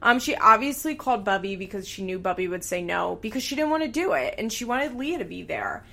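A young woman recapping a reality show in a casual, animated way, peppering her talk with "like" and swearing freely. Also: medium pitch, brisk, vocal fry.

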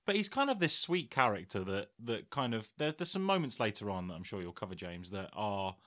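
A man co-hosting a podcast, chatting about films in a relaxed, hesitant way that often trails off. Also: lowish voice, fairly quick. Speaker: podcast co-host. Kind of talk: casual film chat.

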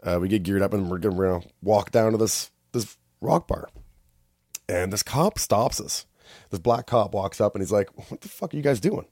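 Canadian man, low voice, animated storyteller; dry close recording. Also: moderate pace, dry recording. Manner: animated storytelling, acts out quoted people loudly. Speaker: storyteller in a casual conversation. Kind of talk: casual chat.

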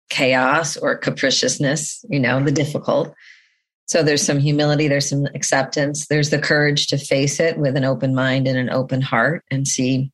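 A woman speaking as a guest on a panel, earnest and reflective, repeating phrases for emphasis as she tells a story. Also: a bass voice. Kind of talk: reflective conversation.

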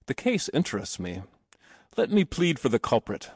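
A man voicing a condescending, mannered older gentleman of letters. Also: mid-range voice, wildly swooping pitch, normal speed, breathy edge, dry recording, studio quality, full character voice. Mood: patronizing. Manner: patronizing, mannered.

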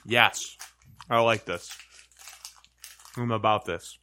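Deadpan guy with a bright, tense voice, faint hiss behind. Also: fairly low pitch, slow. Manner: dry, deadpan jokes. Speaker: guest. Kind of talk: casual chat tasting snacks.

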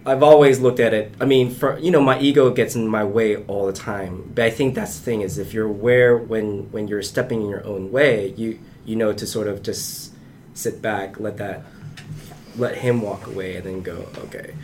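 A man's voice: fairly low pitch, fairly even intonation, normal speed, a little mellow, a little hiss or hum. A man, an aspiring novelist, talking casually in a panel discussion with many restarts and fillers. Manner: rambling, frequent restarts and fillers.

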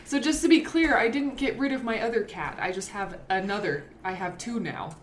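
A woman's voice: fairly high pitch, a little fast, slight background noise. A woman co-hosting a podcast in casual chat, bubbly and rambling, laughing often. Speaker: podcast co-host.

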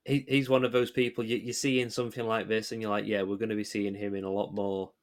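A male podcast co-host chats casually in a lowish, fairly monotone voice, talking fast. His rambling analysis is full of hesitations and restarts as he works through his thoughts.

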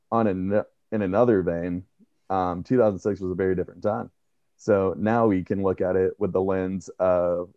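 A man co-hosting a casual discussion, speaking in a measured way with many fillers. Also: low voice, warm tone, no room sound. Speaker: podcast co-host. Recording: dull dry lo-fi sound.

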